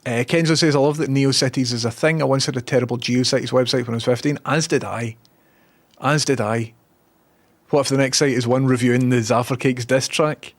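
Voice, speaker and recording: A man with a Scottish accent streaming online, chatting casually, reading viewer comments and telling animated anecdotes. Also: medium pitch, fast talker, few pauses. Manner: animated storyteller acting out others' lines. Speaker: Twitch streamer.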